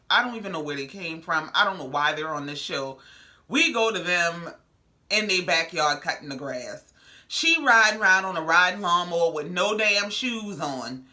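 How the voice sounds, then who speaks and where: A woman's voice: on the low side, bright, forceful tone. A woman hosting a reality TV recap, talking in a sassy, blunt, slangy way. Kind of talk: casual commentary.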